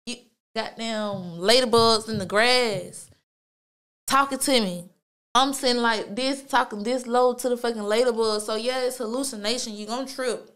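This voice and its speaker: A woman's voice: a little high, a bit bright, smooth. A woman hosting her own show, telling a story in a laid-back, slangy way, cursing a lot and filling gaps with "like" and "you feel me". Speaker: podcast host. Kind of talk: casual storytelling monologue.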